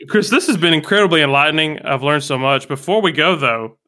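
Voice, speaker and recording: A man's voice: on the high side, a little fast, sharp tone. A man hosting a podcast in casual chat, with wry, playful banter. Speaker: podcast host.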